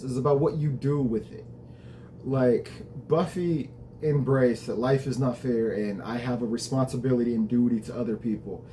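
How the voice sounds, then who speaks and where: A man's voice: mid-range voice, mellow, a little hiss or hum. A man hosting a show, casually recapping a TV episode in a conversational, reflective way, with the odd swear word.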